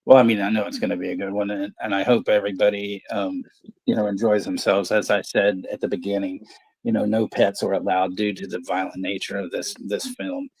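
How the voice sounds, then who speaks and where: A man's voice: lowish voice, level tone, fairly quick, a little mellow, breathy edge, dry recording. A man hosting a movie watch-party stream, chatting casually and joking with laughs between phrases. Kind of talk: casual livestream chat.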